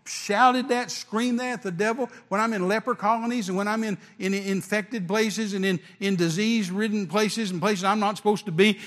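A man preaching a sermon, animated, rising to shouts at its peaks. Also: high-pitched, moderate pace, few pauses. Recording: long hall reverb.

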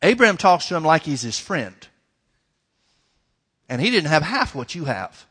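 Emphatic preacher with a slightly high voice. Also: male voice, big pitch swings, normal speed, sharp tone, husky. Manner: emphatic preaching that stretches key words, folksy asides to the congregation. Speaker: pastor. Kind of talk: sermon. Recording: long reverb of a large hall.

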